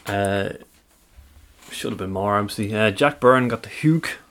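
A man's voice: on the low side, measured pace, fairly bright tone. Chatty man talking football. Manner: chatty, laughs often, many fillers. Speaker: podcast co-host. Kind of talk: casual football chat.

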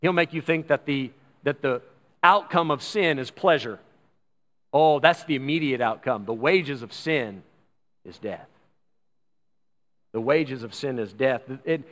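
A man preaching a sermon as pastor, emphatic, slowing down to stress key phrases and acting out the voices he quotes. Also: a little high, a bit bright, in a large hall.

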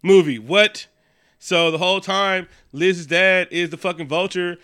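A man in casual podcast chat, retelling a movie in a lively, profane way and acting out characters' lines. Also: high-pitched, moderate pace, smooth. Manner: animated, profane retelling with quoted character lines and frequent laughs. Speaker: podcast co-host.

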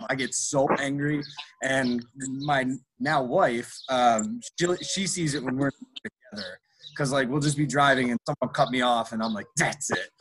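A man's voice: mid-range voice, fairly even intonation, normal speed, fairly bright tone, a little hiss or hum. Blunt man. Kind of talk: casual chat.

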